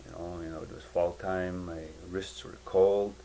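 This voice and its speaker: A man giving a personal spiritual testimony in a halting, rambling way, full of fillers and restarts. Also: sits low, little pitch movement, warm tone, slight background noise, poor audio.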